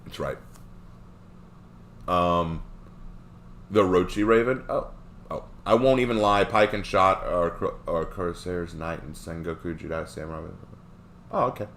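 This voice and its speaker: A man with a deep, unhurried voice streams live, reading chat questions and answering them in a rambling, animated way full of fillers.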